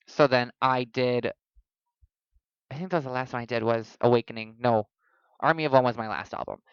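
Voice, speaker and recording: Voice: mid-range voice, moderate pace, clear, resonant tone, no echo, highs cut off. A podcast host in casual chat, telling stories in a blunt, jokey, profane way.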